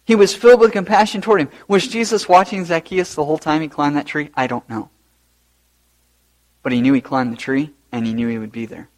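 Animated high-voiced male pastor preaching. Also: fairly quick. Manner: animated, rising to loud emphasis. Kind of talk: sermon.

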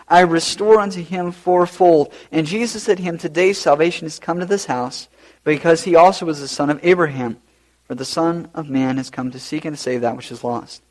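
Animated high-voiced male pastor preaching. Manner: animated, rising to loud emphasis. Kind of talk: sermon.

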